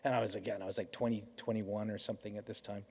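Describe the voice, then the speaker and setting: A middle-aged Canadian man delivers a convocation keynote in a large hall, and the recording carries the hall's reverb. His voice is lowish, darkish and slightly rough, with little pitch movement and a rapid-fire pace. He tells stories conversationally and often restarts his sentences.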